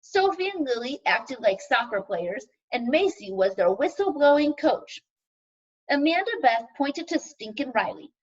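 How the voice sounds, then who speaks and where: A woman reading a children's chapter book aloud with expressive, playful narration. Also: high voice, measured pace, husky, recorded from a distance, highs cut off. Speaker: storybook reader.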